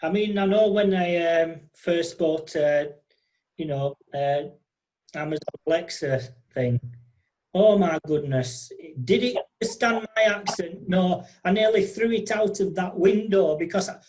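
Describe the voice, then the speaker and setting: Enthusiastic podcast host. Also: medium pitch. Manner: enthusiastic, animated, talks in quick bursts with restarts. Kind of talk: casual interview chat.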